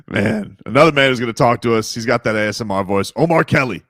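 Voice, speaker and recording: A man's voice: medium pitch, very animated, a bit bright, no echo, studio quality. A man co-hosting a sports radio show, bantering casually with jokey asides. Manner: jokey, riffing, quick asides.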